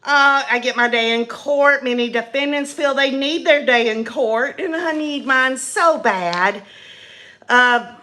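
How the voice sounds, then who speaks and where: A woman's voice: sits high, slow pace, pushed and bright. A woman hosting her own channel, delivering a mocking, sarcastic comedy monologue in character with crude asides. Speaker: host of a satirical channel.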